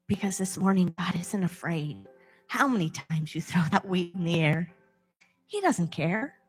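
A woman's voice: on the low side, lively intonation, unhurried, soft background music. A woman pastor preaching a sermon from a church stage, impassioned, acting out inner voices with big swings in tone.

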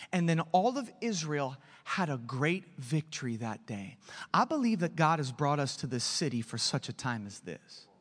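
A man preaching a sermon, animated and acting out the story, rising to shouts at the peaks. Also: high voice, long reverb tail. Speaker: pastor.

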